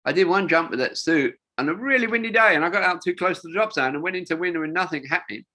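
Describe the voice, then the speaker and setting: A man's voice: fairly high pitch, quick pace, bright, forceful tone. An older man, a wingsuit designer, telling rambling stories in a casual interview, with lots of fillers and restarts.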